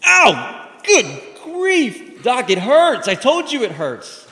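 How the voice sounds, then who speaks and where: A whiny grown man in pain groans and wails in a high, loud, strained voice, as a preacher puts him on. He sounds bright and sharp, with a long reverb trailing behind him. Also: measured pace. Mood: wailing. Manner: wailing, exaggerated groans.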